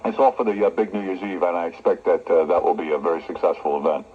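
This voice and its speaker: A man's voice: sits low, steady tone, quick pace, husky. A man hosting a radio talk show, brash and joking, interviewing a guest. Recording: dull cassette recording of radio broadcast.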